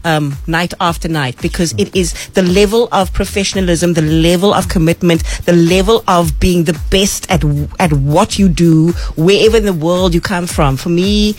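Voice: mid-range voice, normal speed, few pauses. A host in a casual chat, effusive and admiring as they talk.

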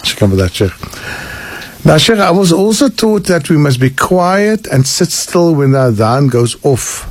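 A man's voice: fairly high pitch, big pitch swings, unhurried, breathy edge. A man hosting a radio call-in show, reading listener questions to a sheikh and adding short affirming hums. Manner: reads questions aloud, brief affirming hums. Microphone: radio studio microphone.

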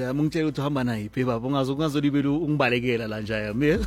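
A man hosting a lively morning radio show, mixing English with Zulu slang. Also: medium pitch, rapid-fire, few pauses, soft background music.

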